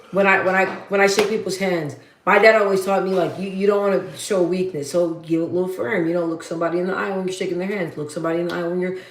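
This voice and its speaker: Deep-voiced, blunt woman streamer. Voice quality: deep, bassy voice. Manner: blunt, matter-of-fact, repeats herself for emphasis. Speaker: livestream host. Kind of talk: casual livestream chat. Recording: roomy echo.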